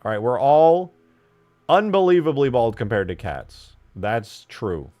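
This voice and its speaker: Male streamer, lively pitch swings, cursing, excitable, mutters then yells. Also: unhurried, muffled recording. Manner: excitable, swears a lot, swings from mumbling to yelling. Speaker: streamer modding a video game. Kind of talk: live-stream commentary.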